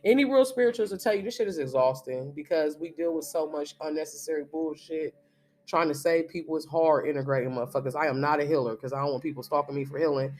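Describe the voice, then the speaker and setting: A man's voice: fairly high pitch, fast, a little mellow, slight background noise. A man in his thirties, a spiritual reader, giving a blunt, profane, emphatic monologue. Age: 30s.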